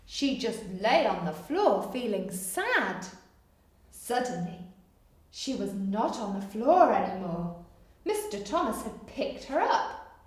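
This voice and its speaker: A woman reading a picture book aloud to children, with animated, coaxing asides that invite them to join in, recorded in an echoey room. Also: medium pitch, takes it slowly, recorded from a distance. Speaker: storyteller for children.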